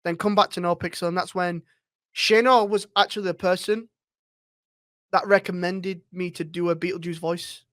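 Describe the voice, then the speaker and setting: A man's voice: high-pitched, steady tone, moderate pace, a bit bright, no echo, studio quality. Rambling, sweary man. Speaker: roleplay streamer guest. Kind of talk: casual interview chat.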